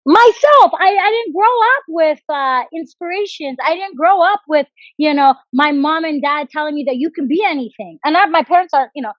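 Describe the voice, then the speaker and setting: A woman, a professional fighter guest in a casual podcast interview, rambling in fast, animated, profane rants. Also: high-pitched, no echo. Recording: slightly dull, dry recording.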